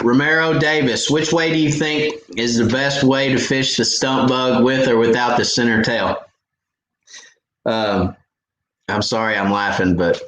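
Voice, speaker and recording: A man's voice: fairly low pitch, a bit bright, echoey room, low-quality recording. A man hosting a live fishing Q&A stream, answering viewer questions in a chatty way and laughing at his own jokes.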